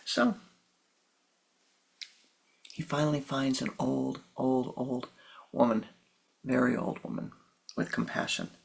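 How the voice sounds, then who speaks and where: A spiritual teacher giving a sermon and telling a story slowly and softly, at times in a whisper. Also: mid-range voice, steady tone, gravelly, poor audio. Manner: slow, soft, partly whispered.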